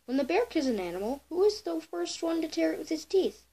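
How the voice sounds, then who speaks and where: A woman's voice: very high voice, very animated, a little fast, creaky, mellow, voice pushed up, full character voice. A girl voicing a crafty, envious female fox who talks in a coaxing, mock-sympathetic way.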